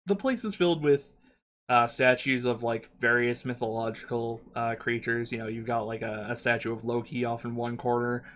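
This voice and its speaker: A man's voice: mid-range voice, normal speed, fairly bright tone. A man narrating as game master in a loose, chatty way, laughing easily.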